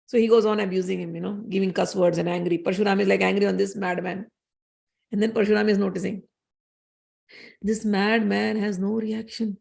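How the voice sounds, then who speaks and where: A woman's voice: mid-range voice, steady tone, a little fast, creaky, a little mellow. A woman giving an earnest scripture discourse as a spiritual teacher, repeating key phrases as she explains a story.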